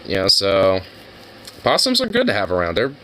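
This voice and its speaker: With a low voice whose pitch swoops wildly, this young streamer reacts to videos at a moderate pace, his tone fairly bright. He rambles, curses and fills his casual chat with fillers, on a low-quality recording with a little hiss or hum.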